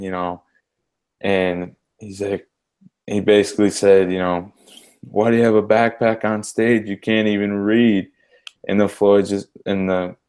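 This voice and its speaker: A man from the US Midwest co-hosts a loose sports chat in a very deep voice that stays flat. The tone is clean and smooth, and he talks eagerly, chuckling and often trailing off. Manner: enthusiastic, chuckling, trailing off softly. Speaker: co-host. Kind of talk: casual sports talk.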